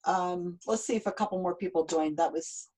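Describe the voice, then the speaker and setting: A woman's voice: fairly low pitch, normal speed, mellow. A woman with a light Southern accent hosts a live video stream. She talks casually and hesitantly, with frequent fillers and easy laughter. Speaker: host. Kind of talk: livestream talk. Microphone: video call.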